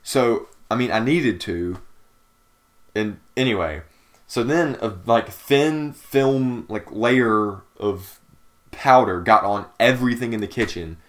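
A man's voice: on the low side, unhurried. Young man rambling through a story. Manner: rambling storyteller, many fillers. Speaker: podcast co-host. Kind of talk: casual chat.

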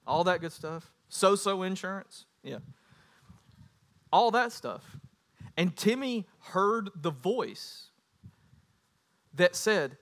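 Animated high-voiced male preacher. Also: slow, pauses often. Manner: animated preaching, rising to loud emphatic bursts. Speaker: pastor. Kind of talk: sermon.

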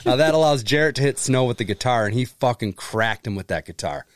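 A man's voice: mid-range voice, animated, a little fast, no room sound. A man co-hosting a podcast, recapping in casual chat, laughing often and swearing casually. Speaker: podcast co-host.

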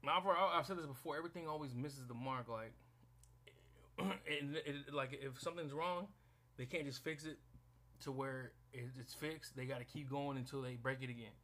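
A man's voice: fairly high pitch, sharp tone. Blunt, profane young man ranting. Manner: blunt, profane, repeats himself and restarts often. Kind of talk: casual rant to camera.

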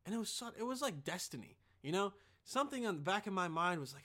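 High, bright-voiced young man ranting. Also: fast talker, few pauses. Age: young adult. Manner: profane, excitable, rants with sudden loud bursts. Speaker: podcast host. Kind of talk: casual rambling monologue.

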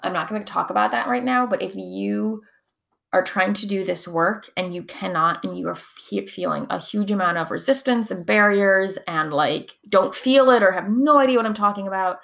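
A woman's voice: medium pitch, moderate pace, vocal fry, fairly bright tone. A young adult woman explaining somatic coaching techniques in a chatty, casual teaching talk, full of fillers and frequent laughs.

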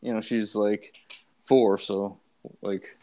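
A man's voice: fairly low pitch, level tone, warm tone. Laid-back man co-hosting a podcast. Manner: laid-back, halting storytelling with "uh" and "like" fillers. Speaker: podcast co-host. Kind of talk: casual podcast chat.

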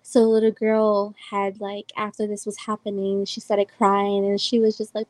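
A woman's voice: medium pitch, monotone, normal speed, a little mellow, dry recording, poor audio. Rambling young woman telling a story. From El Salvador. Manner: rambling, heavy use of "like" and "um". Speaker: podcast host. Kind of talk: casual personal storytelling.

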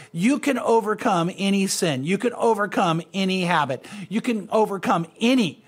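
A man's voice: high-pitched, animated, normal speed, hardly any pauses, husky. A man, a pastor, giving an earnest, conversational Bible teaching and speaking directly to his listeners.

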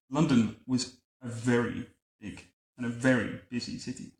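A man reading a picture book aloud to a child at home, adding wry, deadpan comments between the lines. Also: medium pitch, normal speed. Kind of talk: bedtime story reading with joking asides. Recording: roomy echo.

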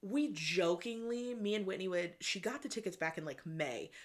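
A woman from Michigan, hosting a podcast, telling a personal story in an excitable, casual way, with lots of "like" and some swearing. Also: mid-range voice, normal speed. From Michigan, USA. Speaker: podcast host.

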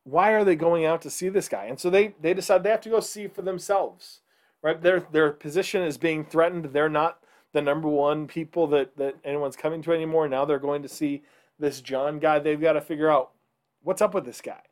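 Casual, high-voiced male preacher. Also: fairly even intonation, brisk. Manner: casual, many restarts and "right?" asides. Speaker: pastor. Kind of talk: conversational sermon.

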